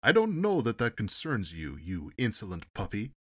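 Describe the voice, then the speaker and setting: A man's voice: on the low side, huge pitch swings, moderate pace, dry recording, studio quality, pitched above the performer's own voice. Give me a man playing an arrogant diplomat who looks down on everyone. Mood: haughty. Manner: haughty, contemptuous. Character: haughty male ambassador, arrogant and scornful.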